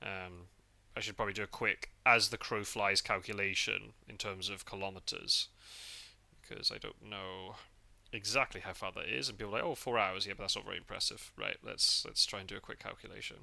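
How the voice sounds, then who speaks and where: Podcast host from the UK, man, very bright, lowish voice, loose rambling chat. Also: steady tone, a little fast, creaky. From United Kingdom. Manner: chatty, rambling, full of fillers and restarts. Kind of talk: casual chat. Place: parked car.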